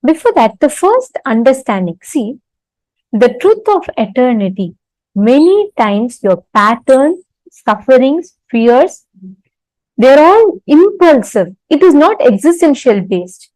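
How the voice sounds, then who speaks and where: A woman teaching an online spiritual session, speaking deliberately with fillers and asking the audience questions. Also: high-pitched, very animated, darkish tone, dry recording, poor audio.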